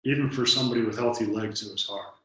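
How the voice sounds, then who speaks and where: A man's voice: medium pitch, fairly even intonation, quick pace, pushed and bright. Man telling stories in an echoey room. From Detroit, United States. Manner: earnest storyteller, acts out dialogue, repeats words when starting a thought. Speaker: interview guest. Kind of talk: storytelling in an interview.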